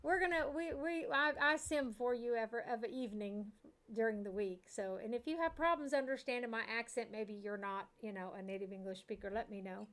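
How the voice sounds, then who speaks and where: A middle-aged woman streams a farm sim and chats casually with her viewers, laughing a lot and talking to the game animals. Her voice is fairly high and fairly bright, and she speaks briskly.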